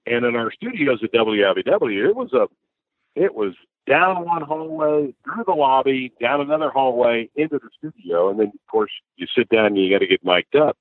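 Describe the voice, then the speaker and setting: A man, a sportscaster from the American Midwest, telling stories in a casual interview with lively restarts and laughs. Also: mid-range voice, moderate pace, dry recording. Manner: animated storyteller, frequent restarts and laughs. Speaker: sportscaster guest. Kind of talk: conversational interview storytelling. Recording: dry, phone-like narrow line.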